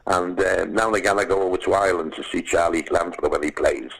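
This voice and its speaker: An older man with a Liverpool accent, telling anecdotes as a podcast guest, animated and calling the listener "lad". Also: low voice, quick pace, creaky, breathy edge, rough recording. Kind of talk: casual storytelling.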